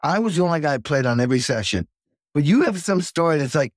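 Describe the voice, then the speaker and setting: A man hosting a casual chat, an animated storyteller who acts out the voices in his anecdotes. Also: a little high, fast talker, no room sound, studio quality. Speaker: host, session drummer.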